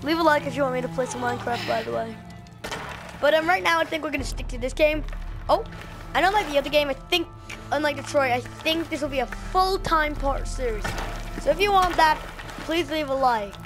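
A young woman chatting while playing a game, excitable and prone to shouting at game events. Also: sits high, a little fast. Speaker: gaming YouTuber. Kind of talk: let's play commentary. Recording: game music and sound behind.

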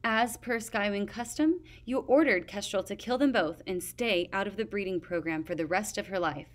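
Woman reader doing a stubborn male dragon guard for a storybook, steady and insistent. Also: mid-range voice, lightly acted. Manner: stubborn, measured testimony.

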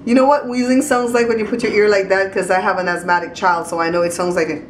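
A woman's voice: medium pitch, steady tone, fast talker, roomy sound, a little hiss or hum. A woman hosting a casual home vlog, outspoken and teasing as she talks to the camera. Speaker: vlog host. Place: at home in a hallway.

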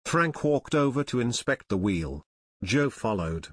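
A male audiobook narrator reading at a steady, even pace of storytelling. His pitch is mid-range and the recording is very dry and close, with no room sound. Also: a little slow, no room sound. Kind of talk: scripted narration.

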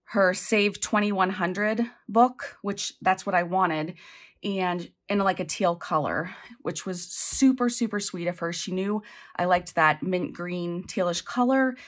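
A woman vlogger chatting casually as she unboxes mail, effusive and chatty with frequent exclamations. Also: medium pitch. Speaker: budgeting vlogger.

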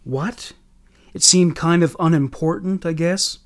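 A defiant eighteen-year-old young woman, read by a man in a spoken true story. She talks in a firm, exasperated way, in a slightly high voice. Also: fairly even intonation, moderate pace, a little mellow, close to an everyday voice.

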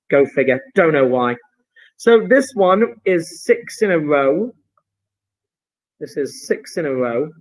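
A man's voice: fairly high pitch, poor audio. A man teaching chemistry, going over homework in an online lesson with playful, jokey asides.

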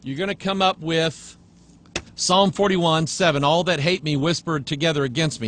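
Pastor guy preaching hard, kinda high voice, reads stuff out then tears into it, goes quiet and low to make a point. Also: normal speed, slight background noise. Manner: emphatic, drops to a low hush for contrast; reads quoted passages aloud and rebuts them. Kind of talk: preaching sermon commentary.

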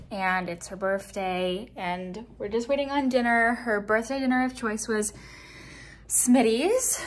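Chatty, playfully dramatic young woman vlogger. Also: fairly high pitch. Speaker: vlogger and law student. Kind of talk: casual vlog chat to camera.

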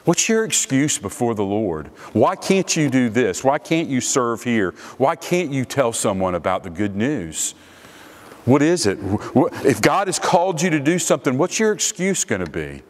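A man's voice: medium pitch, big pitch swings, normal speed. A male pastor preaching a sermon emphatically, repeating his key phrases, in a church sanctuary. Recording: long hall reverb.

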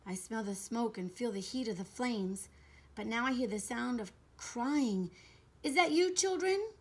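A woman reading aloud, voicing a kind grown man who talks gently and tenderly to children in a storybook. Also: fairly high pitch, measured pace, husky. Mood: gentle.

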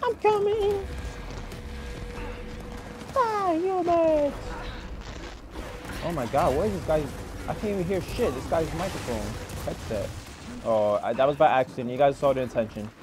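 Excitable young man swearing through gameplay. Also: mid-range voice, brisk, noisy background. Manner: excitable, swearing, rambling with many fillers. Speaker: gaming streamer. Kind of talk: live gameplay commentary.

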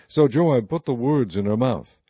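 A man reads old scripture aloud at a steady, measured pace. His voice is dark and mellow. The recording is dry and a little muffled. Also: mid-range voice, husky, no room sound. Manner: steady, measured King James reading. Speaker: audiobook narrator.

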